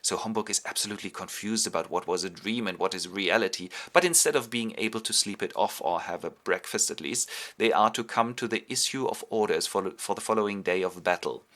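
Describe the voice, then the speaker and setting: A man's voice: lowish voice, brisk, a bit bright. A man hosting and telling a comic synopsis of a play in a chatty way with fillers. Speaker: host and storyteller.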